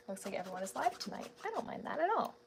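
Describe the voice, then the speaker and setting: A woman's voice: sits high, vocal fry, slight background noise. A woman chatting casually on a live art stream at home at night. She laughs often and keeps her voice down so her family is not disturbed. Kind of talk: casual live-stream chat while drawing.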